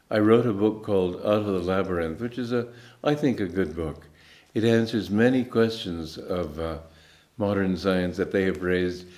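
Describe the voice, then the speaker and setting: Telling stories at an unhurried pace with calm pauses, a man in his eighties gives a spiritual talk as a teacher. His voice sits on the low side.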